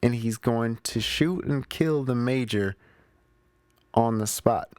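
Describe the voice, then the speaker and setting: On his own movie review show, a man recaps the plot in chatty slang, talking straight to his listeners. His medium-pitched voice is slow and a little mellow, with no room sound.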